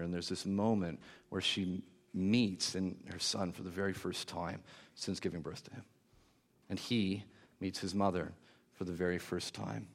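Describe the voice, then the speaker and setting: A man preaching a sermon, telling a moving story with warmth and hushed, emotional moments. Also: low-pitched, gravelly.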